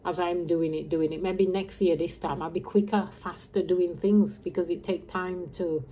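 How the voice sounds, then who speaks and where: A woman in her fifties, raised in Birmingham, talks on and on in a loose, wandering vlog chat, dropping her H's as she goes. Her voice sits a little low and sounds soft and mellow. A faint hum of ambient noise runs behind her. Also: fairly even intonation, moderate pace. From grew up in Birmingham, England. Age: 50s. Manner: chatty and meandering, drops her H's. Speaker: vlogger. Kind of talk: casual rambling chat.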